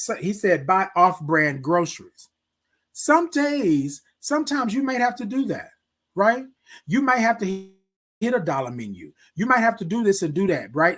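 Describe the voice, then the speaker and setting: A preachy man with a high, lively, swinging voice hosts a live morning show, giving a motivational live-stream talk. He is an adult military veteran who speaks directly to viewers and keeps repeating key phrases.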